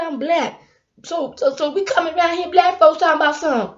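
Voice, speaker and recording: Lively woman vlogger, lo-fi sound. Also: very high-pitched, a little fast. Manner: animated, laughing, sudden loud bursts. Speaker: YouTube vlogger. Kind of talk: casual motivational talk to camera. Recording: dull lo-fi sound.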